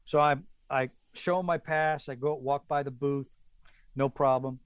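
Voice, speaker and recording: A man telling stories as a guest drummer in a casual chat, acting out quotes in a higher voice. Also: measured pace, smooth, no room sound. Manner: animated, acts out quotes with raised pitch. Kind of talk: casual storytelling.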